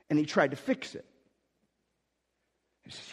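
A man preaching a sermon, telling the story with sudden swings between loud emphasis and hushed asides. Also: mid-range voice, very animated, unhurried, vocal fry, pauses often, husky, long reverb tail. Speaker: pastor.

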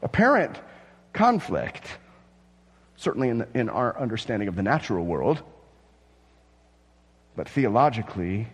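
A man's voice: mid-range voice, big pitch swings, moderate pace, long pauses, husky, in a large hall. A man preaching a sermon to his church, reading scripture and dramatically acting out awed onlookers in rising outbursts. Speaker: pastor.

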